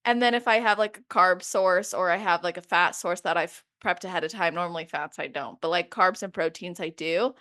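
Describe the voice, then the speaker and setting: A woman hosting a podcast interview, upbeat and animated, talking quickly with lots of "like". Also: lowish voice. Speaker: podcast host. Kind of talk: casual interview chat.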